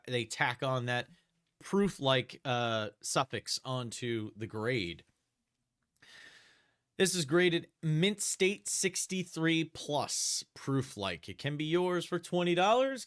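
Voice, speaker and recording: A man's smooth voice, on the high side, leads a live-stream auction of coins and banknotes. He describes each lot and calls bids in a steady, talkative chant.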